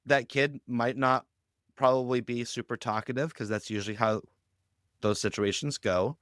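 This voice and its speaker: Smooth-voiced man telling animated stories. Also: mid-range voice, moderate pace, no echo, studio quality. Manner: animated storytelling, acts out quoted lines. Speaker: guest on a youth ministry podcast. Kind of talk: conversational podcast interview.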